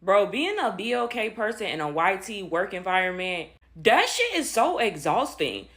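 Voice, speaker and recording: A woman's voice: mid-range voice, sing-song, moderate pace, a bit bright. A woman ranting casually to camera, slangy and exasperated, calling the listener "bro". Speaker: social media commentator.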